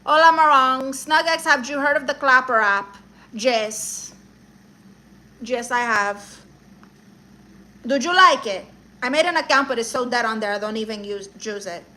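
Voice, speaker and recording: A woman's voice: on the high side, unhurried, pauses often, bright, forceful tone. A woman with a Spanish accent hosting a live stream, reading viewers' comments aloud and teasing them with sass. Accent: Spanish-accented English. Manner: sassy, reads chat aloud and teases viewers. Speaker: livestream host. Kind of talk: live stream chat, comedic.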